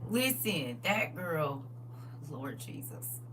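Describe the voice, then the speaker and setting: A woman's voice: sits low, takes it slowly, distant mic, noisy background. A middle-aged woman hosting a live stream, chatting casually and laughing a lot. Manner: animated, laughing, exclaiming. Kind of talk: casual chat.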